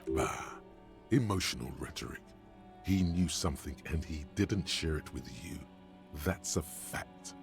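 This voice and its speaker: Game narration: an authoritative inner voice, extremely deep and booming, pronouncing verdicts. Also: male voice, expressive, a little slow, vocal fry, soft background music, full character voice. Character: commanding inner-voice narrator, adult man. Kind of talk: video game voice acting.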